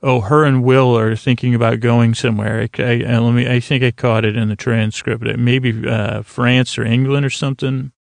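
Flat, gravelly man recapping an episode. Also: mid-range voice, normal speed, hardly any pauses, dry recording. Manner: rambling, hesitant, lots of fillers. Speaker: podcast host.

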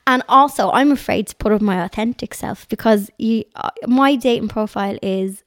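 A woman's voice: fairly high pitch, moderate pace, few pauses, dry recording, studio quality. A woman with a North Dublin accent, chatting casually as a podcast guest at home and telling stories with frequent laughter. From Ireland. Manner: lively storyteller, laughs often. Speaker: guest, lifestyle blogger. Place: her home.

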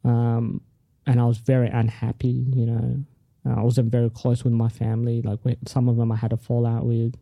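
A man with a very dark, mellow voice tells a story casually and with energy. He is a comedian chatting as a podcast guest. The recording is dry and close. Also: mid-range voice, moderate pace, vocal fry, few pauses, no room sound. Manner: animated storyteller who acts out other people's lines.

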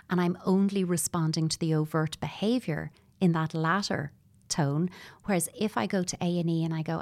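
A middle-aged woman speaks as a guest therapist in an interview. Her voice sits a little low, and she explains patiently, sometimes slipping into the voice of a parent she describes. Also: fairly even intonation, moderate pace, darkish tone. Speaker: child psychotherapist guest. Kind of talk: conversational advice interview.

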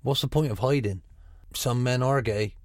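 A middle-aged man with a Gloucestershire burr talks frankly and at length, restarting his sentences as he goes. His voice sits at a middling pitch, with a close, dry sound and no room around it. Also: moderate pace, no room sound. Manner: frank, chatty, many restarts. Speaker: football manager. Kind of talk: radio interview.

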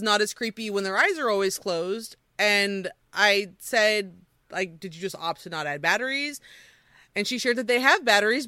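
A woman hosting a podcast, chatting casually and reading creepy stories aloud with animated quoting. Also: mid-range voice, no echo, clean studio sound. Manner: animated storyteller, quoting with voices. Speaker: podcast host.

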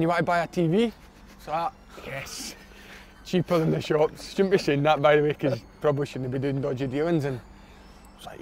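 A man's voice: mid-range voice, slight background noise. A Scottish man telling a long funny story in casual chat, acting out what people said. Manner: animated anecdote teller, lots of quoted dialogue.

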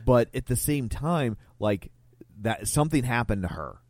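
A man talking casually about a film, halting and earnest, often restarting his sentences. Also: mid-range voice, expressive, darkish tone, dry recording, clean studio sound.

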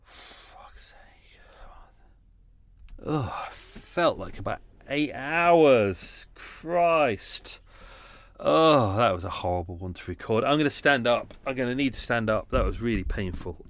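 A man's voice: medium pitch, lively intonation, takes it slowly, a bit bright, no room sound. A British man hosting a podcast, rambling and grumbling in casual unedited chat from his home, shaken and a little breathless. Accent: British English. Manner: rambling, grumbling, self-interrupting. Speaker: podcast host. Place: home room.

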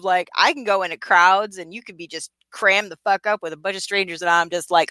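Woman cohost swearing a lot, bright sharp voice, dry close sound. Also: mid-range voice, brisk, few pauses, no echo. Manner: profane, animated storytelling with acted-out quotes. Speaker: podcast co-host. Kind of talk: casual chat.

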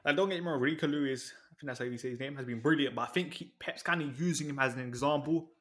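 A man guesting on a football podcast, chatting quickly with many fillers. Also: medium pitch. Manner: fast, filler-heavy with many "like"s. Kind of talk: casual football chat.

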